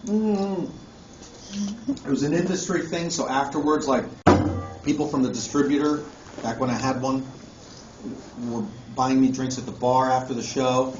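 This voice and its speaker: A man's voice: mid-range voice, normal speed, long pauses. A man, a musician guest at a convention panel, telling a casual story to a live audience, laughing often and swearing freely. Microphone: phone recording from the audience. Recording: echoey muffled phone recording with room noise.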